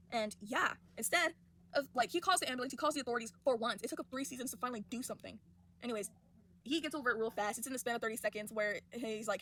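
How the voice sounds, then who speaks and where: A young woman talks fast and heatedly in a casual rant vlog. Her voice is high and bright. She gets worked up as she goes. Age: young adult. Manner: animated, indignant ranting. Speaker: college student.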